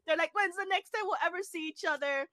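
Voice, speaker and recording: A woman telling personal stories in casual chat, animated and laughing, with lots of fillers. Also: extremely high pitch, fast talker, dry recording.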